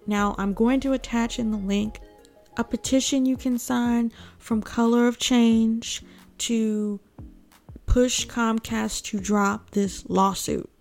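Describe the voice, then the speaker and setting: A woman's voice: medium pitch, gravelly, a little mellow. A woman hosting a casual political commentary, outspoken and emphatic, breaking into laughing asides.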